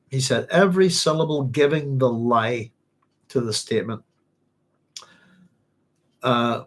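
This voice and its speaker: Chatty Northern Irish man, husky voice. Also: medium pitch, unhurried, pauses often. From Northern Ireland. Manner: rambling, chatty, many fillers and self-corrections. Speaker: book club host. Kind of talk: casual livestream book discussion.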